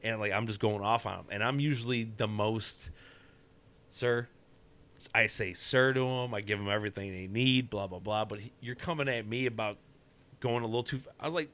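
A man telling a story in casual chat, profane and animated, often laughing. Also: fairly low pitch, brisk.

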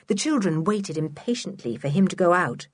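A woman narrating a children's storybook in an expressive, clear reading voice. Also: lowish voice, moderate pace, no echo. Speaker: audiobook narrator.

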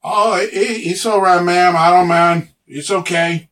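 A man's voice: sits high, fairly even intonation, unhurried, a bit bright. A man voicing a weary, deferential older male orc who talks in a folksy drawl, recorded on a distant mic. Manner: folksy drawl, stammering and polite.

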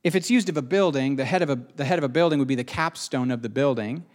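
A man's voice: mid-range voice, fast talker. A man preaching a sermon as the pastor of his church, conversational and emphatic, asking rhetorical questions.

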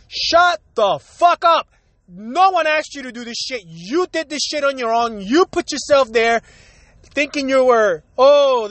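Solo podcast host, male, very high pitch, angry and foul-mouthed, repeats himself, a cold lingering, dry close mic. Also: fairly bright tone, dry recording. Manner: profane, heated, repetitive. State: recovering from a cold, coughing. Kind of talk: solo rant.

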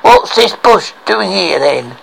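A man's voice: sits high, animated, takes it slowly, creaky, a bit bright, exaggerated voice, rough recording. A man doing a blunt, fair-minded woodcutter. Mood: grumbling.

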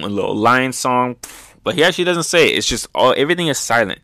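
A man's voice: medium pitch, animated, fast, pushed and bright, no room sound, studio quality. A man hosting a manga review, chatting loosely with lots of fillers and swearing as he recaps chapters. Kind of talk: casual recap commentary.

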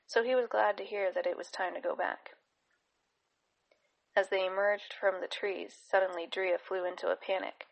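A woman narrating a fantasy novel in a steady, even storytelling manner. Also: lowish voice, creaky, poor audio. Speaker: audiobook narrator. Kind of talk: scripted narration.

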